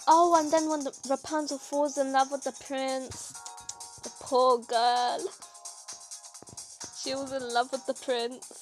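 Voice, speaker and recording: A woman host casually chatting over gameplay, rambling through a story with lots of fillers and expressive exclaims. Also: high voice, rough recording. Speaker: gaming channel host.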